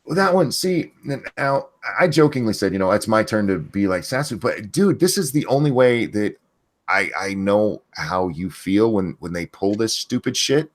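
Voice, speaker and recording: A man's voice: lowish voice, expressive, normal speed. Swearing, ranting man hosting a stream. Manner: blunt, swears a lot, fired-up ranting. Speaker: channel host. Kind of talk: profane ranting commentary on a stream.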